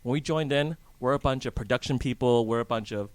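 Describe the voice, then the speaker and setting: A man's voice: medium pitch, fairly quick, clear, resonant tone, no room sound. A man being interviewed on the radio, talking casually and quizzing the hosts with questions as he explains his work. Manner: chatty, asks the hosts questions, restarts often. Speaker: real estate guest. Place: radio studio in a hotel.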